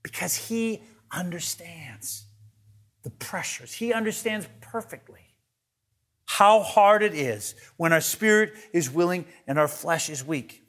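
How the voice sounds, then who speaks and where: A male pastor preaching a sermon in an earnest way, often repeating words as he builds each point and moving between loud emphasis and soft, hushed lines. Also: high-pitched, lively intonation, measured pace.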